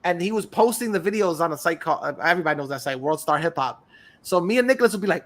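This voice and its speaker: Bright-voiced young man, casual podcast chat. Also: a little high, quick pace. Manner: laughing often, animated storytelling with put-on quotes. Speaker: podcast co-host.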